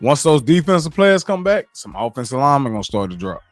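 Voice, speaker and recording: A man hosting a livestream, ranting about football to his chat in a profane, animated, repetitive way. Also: mid-range voice, fast, no echo. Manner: profane, animated, repeats himself. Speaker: sports commentary streamer. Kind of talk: casual sports rant to live chat. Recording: dry close mic with faint music.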